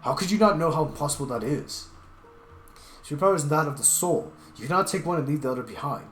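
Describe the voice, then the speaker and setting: A man voicing a furious, stern lecturer in a game, scolding loudly with biting scorn. The voice is heard in a roomy space with game music. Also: mid-range voice, a little fast, lightly acted.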